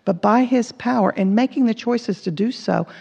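A woman Bible teacher preaches a sermon, earnestly telling personal stories and acting out the dialogue within them. Her voice is on the high side, gravelly, darkish, and slightly rough, at a moderate pace. The recording is lo-fi and dull, from an echoey hall.

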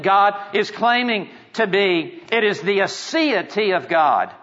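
Man, preacher, high bright voice, measured emphatic delivery, dull echoing hall recording. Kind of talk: expository sermon. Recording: dull reverberant hall sound.

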